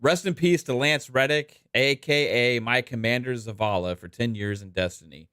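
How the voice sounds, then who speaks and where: A man's voice: mid-range voice, normal speed, bright, forceful tone, smooth, dry recording, studio quality. A man from Texas hosting a gaming podcast in a laid-back, casual way, with many fillers. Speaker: podcast host. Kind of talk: casual chat.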